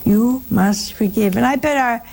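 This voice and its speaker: A woman giving a folksy, humorous religious talk to listeners, sometimes dropping into a hushed aside. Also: a little high, a little slow, gravelly. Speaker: religious speaker. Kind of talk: conversational broadcast talk to listeners.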